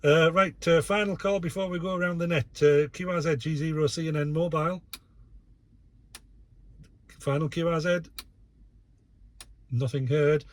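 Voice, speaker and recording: A man's voice: on the high side, fairly even intonation, normal speed, long pauses. A man running an amateur radio net from his vehicle, chatting casually and reading out call signs with many filler uhs. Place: in a vehicle, operating mobile.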